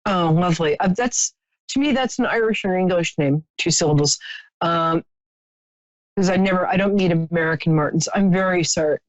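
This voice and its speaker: Chatty, halting woman doing psychic readings. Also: on the low side, no room sound, dull audio. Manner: chatty, sympathetic, halting with many fillers. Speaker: psychic reader on live stream. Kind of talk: live stream reading with a caller.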